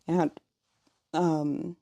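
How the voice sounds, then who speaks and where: Mellow-voiced woman recounting a dream. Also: sits low, level tone, drawn-out words. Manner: hesitant, unsure. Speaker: podcaster. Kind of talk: casual storytelling.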